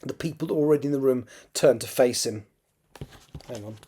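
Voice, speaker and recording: Husky, mellow-voiced male author reading aloud. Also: medium pitch, moderate pace. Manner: steady storytelling read with occasional self-corrections. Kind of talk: reading his own novel draft aloud.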